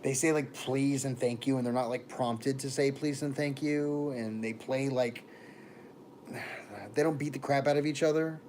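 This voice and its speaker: A man's voice: mid-range voice, fairly even intonation, unhurried, darkish tone, slight background noise. A young man from Texas and Florida, chatting casually on a livestream and greeting viewers by name. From born in Texas, raised in Florida.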